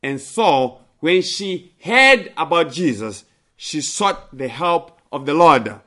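A man delivers a sermon in a bright, slightly high voice. He takes his time, repeats key phrases for emphasis and lifts his voice sharply when he acts out a plea. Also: animated, takes it slowly. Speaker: preacher. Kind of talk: sermon with scripture reading.

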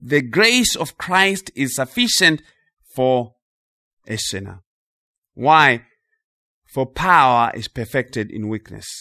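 A man preaching a sermon with emphasis, repeating key phrases and slowing on important words. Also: mid-range voice, animated, bright, forceful tone, no room sound, clean studio sound.

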